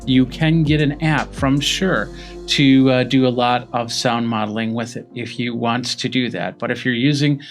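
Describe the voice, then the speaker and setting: A man's voice: mid-range voice, steady tone, moderate pace, faint music behind. A man, a tech reviewer, casually demonstrating a product and explaining each step as he goes, speaking close into a studio microphone. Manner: explanatory, walks through steps with fillers. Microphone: studio podcast mic close to mouth.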